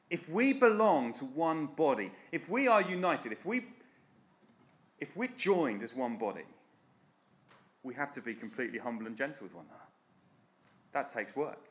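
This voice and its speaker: A man's voice: mid-range voice, a bit bright. Earnest preacher man. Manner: earnest, direct, exhorting. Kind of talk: sermon.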